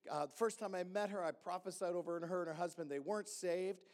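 A man, a pastor, telling a story in a sermon and acting out the dialogue with lively energy. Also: sits high, quick pace. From Hamilton.

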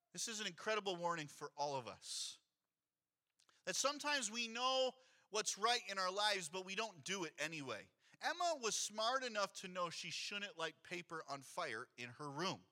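A pastor in his thirties delivers a sermon in a church with a very bright, ringing voice. He sits high for a man and tells stories with animation, slipping into the voices of the people he quotes. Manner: storytelling, animated, acts out quotes. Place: church sanctuary.

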